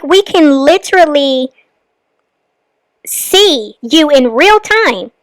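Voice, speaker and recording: A woman's voice: sits high, no room sound, low-quality recording. A woman hosting a reaction channel, commenting critically and with disbelief on a clip she has just played. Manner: critical, incredulous, measured.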